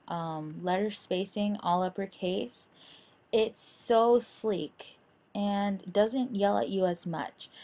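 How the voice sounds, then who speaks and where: A young woman walks through a screen-recorded design lesson at an unhurried pace. She talks in a halting way, with frequent fillers and restarts. Her voice sits at a middle pitch. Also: a little mellow. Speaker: instructor.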